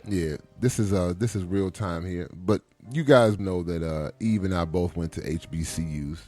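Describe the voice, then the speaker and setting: Deep-voiced man telling animated stories. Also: normal speed, faint music behind. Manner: animated storyteller who acts out quoted dialogue. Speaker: podcast co-host. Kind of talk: casual chat.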